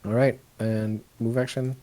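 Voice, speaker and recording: A man running a tabletop game as game master, briskly tallying damage and reading rules aloud. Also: medium pitch, flat delivery, mellow.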